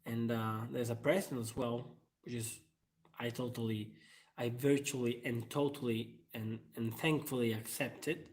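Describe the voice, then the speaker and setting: A man's voice: mid-range voice, steady tone, moderate pace, a little mellow, a little hiss or hum. A man hosts his own channel in a loose, rambling live-stream chat. He fills his sentences with hesitations and breaks into laughter often. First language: Italian. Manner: rambling, frequent fillers and laughter. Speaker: channel host.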